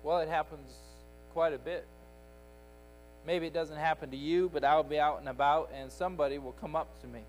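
A man's voice: fairly high pitch, fairly quick, faint music behind, low-quality recording. A man teaching Sunday school in a church, preaching with an emphatic, repetitive cadence. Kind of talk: sermon. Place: church sanctuary.

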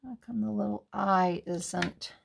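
Slow, gravelly-voiced woman crafting. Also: mid-range voice, fairly even intonation, a little hiss or hum. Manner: thinks aloud, musing and unhurried. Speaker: card-making tutorial host. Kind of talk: casual crafting tutorial talk.

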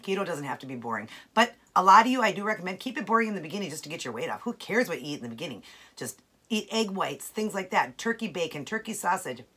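A woman's voice: lowish voice, very animated, fast, pushed and bright, slightly rough. A woman chatting casually and enthusiastically to camera about a home-cooked meal, tasting it as she talks. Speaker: keto cooking vlogger. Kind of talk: casual cooking chat to camera.

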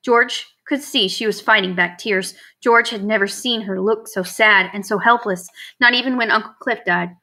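A woman narrating a storybook in a clear, steady reading voice. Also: mid-range voice, moderate pace, few pauses. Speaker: audiobook narrator.

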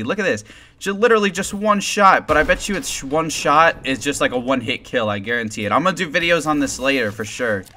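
A young man giving excited, rambling gameplay commentary as a gaming video host. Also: medium pitch, a little hiss or hum. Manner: hyped, rambling, shouts and laughs at rare drops. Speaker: gaming YouTuber.

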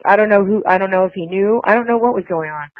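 A woman's voice: mid-range voice, fast talker, no room sound. Rambling woman on a tinny phone line. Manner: rambling and emotional, with many restarts. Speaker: interview guest. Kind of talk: phone interview.

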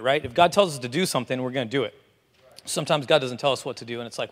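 A man's voice: mid-range voice, rapid-fire. A man preaching a sermon in a casual, chatty way, with offhand asides. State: out of breath. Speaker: pastor. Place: church hall. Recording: hall reverb.

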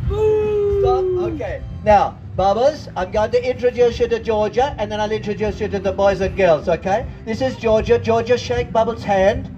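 High-voiced showman bossing kids around. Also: fairly even intonation, normal speed, hardly any pauses, mellow, dull audio, faint music behind. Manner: bossy, theatrical showman banter. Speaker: children's entertainer. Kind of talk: comic audience-participation patter. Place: outdoor festival stage.

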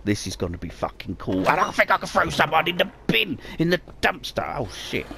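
Sweary, gravelly man gaming. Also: a little high, fairly quick, a little hiss or hum. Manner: sweary, excitable, mutters to himself. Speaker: gamer. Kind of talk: profane let's play commentary.

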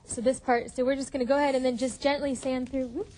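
A woman's voice: high-pitched, flat delivery, quick pace, darkish tone, slight background noise, poor audio. A woman giving a hands-on painting demonstration, explaining each step and repeating phrases as she works. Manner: instructive, repeats phrases while working. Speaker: painting guest.

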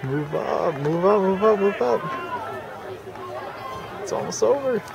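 An excitable man yells encouragement and swears while he comments on a race from the stands of an outdoor track. His voice sits a little high and moves around a lot. A noisy crowd and rough outdoor noise fill the handheld camera recording. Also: takes it slowly, lo-fi sound. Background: cheering crowd.

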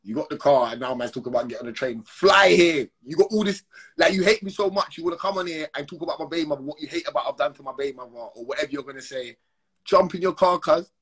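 A man holds forth on a phone livestream. His voice is husky and sits a little high for a man. His delivery is heated, slangy and full of repeated call-outs. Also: rapid-fire, a bit bright. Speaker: Instagram live streamer. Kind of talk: confrontational live-stream rant.

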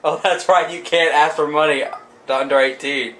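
A young man filming at home, answering calmly and dryly in casual chat. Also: a little high, normal speed. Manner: calm, dry replies. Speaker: grandson filming.

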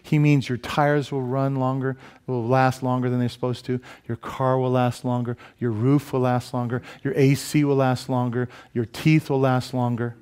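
A male pastor delivering a sermon in a church. He preaches in an animated way, cracks jokes and keeps asking his listeners questions. His voice sits at an ordinary pitch for a man. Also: normal speed, few pauses, clean tone. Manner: animated, joking, many rhetorical questions to the congregation. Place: church sanctuary.

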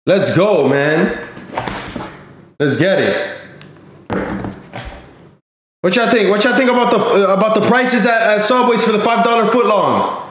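A man's voice: high-pitched, expressive, measured pace, pauses often, fairly bright tone, reverberant, slight background noise. A man live streaming in casual chat, slangy and talking straight to his viewers, often repeating himself.

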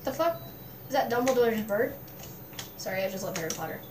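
A woman's voice: fairly high pitch, expressive, brisk, slight background noise. A young woman gaming streamer giving casual gameplay commentary, full of profane, bemused running reactions. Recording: roomy, distant mic with loud game music.

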